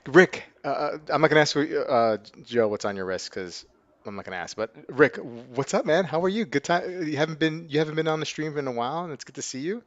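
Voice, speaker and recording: A man hosting a casual live stream, upbeat and quick to laugh as he greets viewers one after another. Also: on the high side, expressive, dry recording. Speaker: livestream host. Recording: dull lo-fi stream audio.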